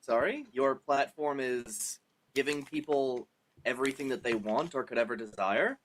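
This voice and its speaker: A man's voice: mid-range voice, normal speed, a bit bright, a little hiss or hum, poor audio. A man in a mid-range voice argues in a group roleplay. He is confrontational and cuts in with sarcastic jabs. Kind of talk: in-character roleplay debate.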